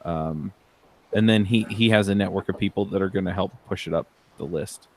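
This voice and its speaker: Male podcast co-host, low voice, halting casual talk full of ums. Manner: hesitant, many ums and restarts. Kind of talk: casual chat.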